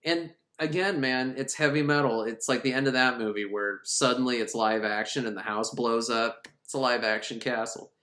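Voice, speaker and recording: A man recapping a film in a sarcastic, profane, animated way. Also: medium pitch, moderate pace, few pauses. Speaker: movie reviewer. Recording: roomy echo.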